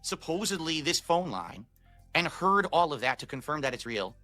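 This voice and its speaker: A man's voice: fairly high pitch, big pitch swings, moderate pace, bright, forceful tone, faint music behind. A man arguing in a heated debate, staying insistent while being interrupted, heard in a played clip. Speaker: debate guest.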